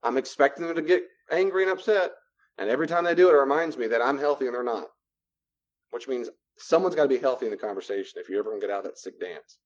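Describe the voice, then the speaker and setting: A man teaching a class on boundaries, lecturing and acting out both sides of short dialogues in an animated way. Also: mid-range voice, fast talker, lo-fi sound. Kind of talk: classroom lecture with role-play examples.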